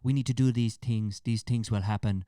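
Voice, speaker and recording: A man's voice: medium pitch, fairly even intonation, normal speed, dark tone, no room sound, studio quality, close to an everyday voice. A man putting on an Irish accent to impersonate a dazed male fighter, slurring his words and dropping his hard T's. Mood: groggy. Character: groggy, mumbling Irish male fighter impression.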